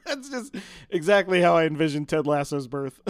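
A man's voice: high voice, wildly swooping pitch, normal speed, no room sound, studio quality. A man co-hosting a podcast in casual chat, laughing often and reading quotes out with gusto. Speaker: podcast co-host.

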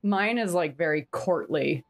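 A woman playing in a tabletop game, talking casually and quickly. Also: fairly low pitch, lively intonation. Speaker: player.

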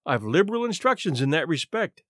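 A man voicing an excitable, insistent gentleman in an opera hat, raised and fussy. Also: on the high side, fairly quick, no echo, studio quality. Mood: excited.

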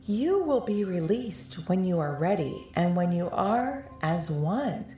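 Woman voicing mysterious voice from above, calm, slow measured commands, low-set, storybook. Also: roomy sound, faint music behind.

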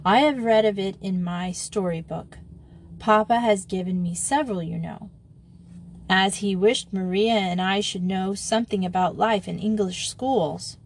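A woman's voice: medium pitch, a little slow, slight background noise, natural voice. A woman reading a prim foreign schoolgirl. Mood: earnest. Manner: formal, careful phrasing. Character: polite foreign schoolgirl, earnest.

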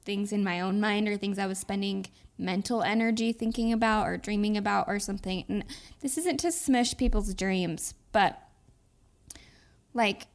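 A woman's voice: mid-range voice, moderate pace. A woman co-hosting a podcast, talking in an earnest, reflective, heartfelt way. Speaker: podcast co-host. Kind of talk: casual heartfelt chat.

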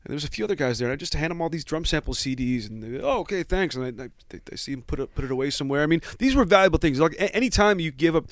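A man's voice: a little high, lively intonation, very fast, hardly any pauses, no room sound. A man in his forties casually telling a long story about his start, rambling and self-deprecating with many restarts. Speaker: guest.

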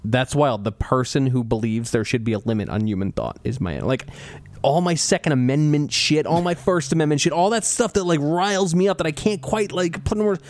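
A man's voice: on the high side, fairly quick, darkish tone. A man co-hosting a podcast, making a blunt, profane argument in casual talk. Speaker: podcast co-host.

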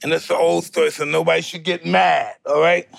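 A man's voice: a little high, flat delivery, fairly quick, creaky, dry recording. A man hosting a podcast, chatting casually and eagerly, often repeating himself. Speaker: podcast host. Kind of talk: casual chat. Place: studio.

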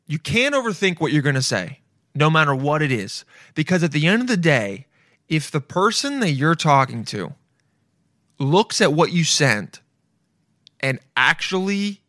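A man's voice: a little high, fairly bright tone, no echo, clean studio sound. A young man hosting his own podcast, rambling casually and swearing a lot, tossing in "okay?" and "dude" as he goes. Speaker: podcast host. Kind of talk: casual solo podcast rant.

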